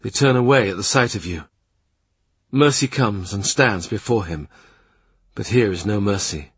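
A man narrating a literary audiobook in a measured, quiet way. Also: on the low side, husky, no room sound. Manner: measured, quiet, present-tense reading.

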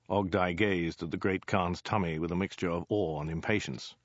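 Brief: low-voiced male storyteller, dry and measured, dull lo-fi recording. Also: fairly even intonation, dry recording. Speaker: narrator. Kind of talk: scripted narration of a comic story.

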